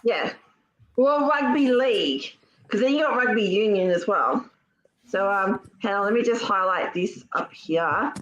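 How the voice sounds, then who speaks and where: An Australian woman co-hosting a live stream over a video call, chatty and quick to laugh. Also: medium pitch, expressive, a bit bright, highs cut off. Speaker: livestream co-host. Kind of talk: casual live-stream chat.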